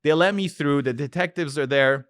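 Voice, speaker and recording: A man's voice: on the high side, normal speed, smooth, no room sound, clean studio sound. A man, an investor telling wild anecdotes in a podcast interview, swearing freely and acting out the people in his stories. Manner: profane, acts out voices in his anecdotes. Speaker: real estate investor guest. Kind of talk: animated storytelling.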